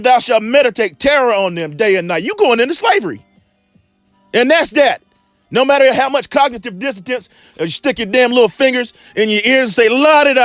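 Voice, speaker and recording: Man preaching, high lively voice, heated and profane, dry close sound, faint music behind. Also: no echo. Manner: heated, profane, rambling asides. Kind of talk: informal scripture commentary.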